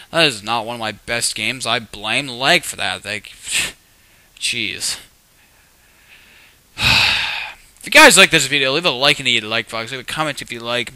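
Bright-voiced young man venting over gameplay. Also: on the high side, clear, resonant tone, no echo. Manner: frustrated, exclaiming at lag and deaths. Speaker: gaming channel host. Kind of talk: casual gameplay commentary. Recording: faint game noise behind voice.

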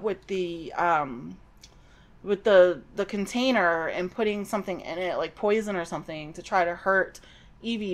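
A middle-aged woman hosting a podcast, giving a chatty, digressive recap of a novel with personal asides. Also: mid-range voice. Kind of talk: casual book recap.

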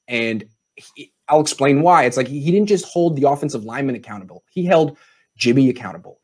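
A man hosting a casual sports talk panel, measured with a dry sense of humor. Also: a little high, a little mellow, breathy edge. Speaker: host.

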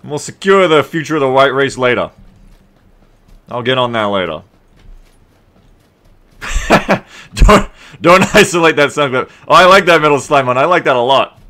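Australian man, game streamer, swearing banter with chat, bright sharp tone, pitch jumping around a lot. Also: brisk. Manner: profane, animated banter, sarcastic outbursts. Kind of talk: live gameplay stream chatting with viewers.

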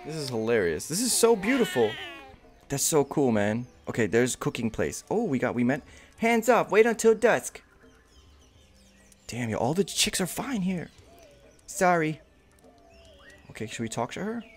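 A man casually commentating his own game playthrough, excited, slangy, and swearing freely. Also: fairly high pitch, moderate pace, pauses often. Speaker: gamer. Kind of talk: casual let's play commentary.

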